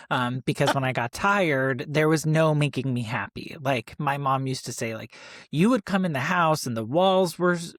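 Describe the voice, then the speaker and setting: A man's voice: medium pitch, no room sound, studio quality. A man co-hosting a podcast in casual chat, telling personal stories with fillers. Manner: storytelling, animated when quoting others. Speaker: podcast co-host.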